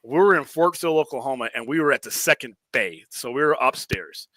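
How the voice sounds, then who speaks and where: A man casually telling army stories, animated and profane, acting out the voices of the people he quotes. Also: mid-range voice, a little fast, no room sound, rough recording. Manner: animated, profane, acts out quoted drill sergeants. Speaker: podcast host. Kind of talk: casual storytelling chat.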